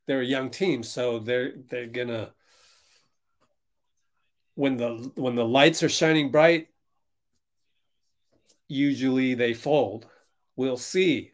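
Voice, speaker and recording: A man hosting a fan livestream, reacting loudly to a basketball game as it plays and answering viewers in chat. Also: medium pitch. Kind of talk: live basketball watch-along commentary.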